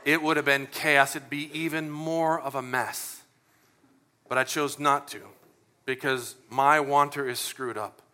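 Bright-voiced animated male pastor preaching. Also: mid-range voice, measured pace. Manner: animated and conversational, acts out prayers and dialogue. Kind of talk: sermon.

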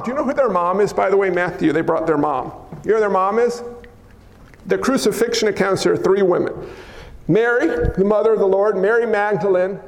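A man preaching a sermon in an animated, joking way, acting out what people say. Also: sits high, fairly quick. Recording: echoey hall.

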